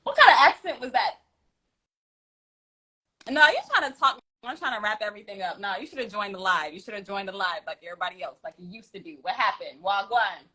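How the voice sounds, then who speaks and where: A woman's voice: mid-range voice, lively intonation, quick pace, pushed and bright. A woman hosting a tarot livestream from home, chatting casually in slang, laughing often and reading out viewer comments.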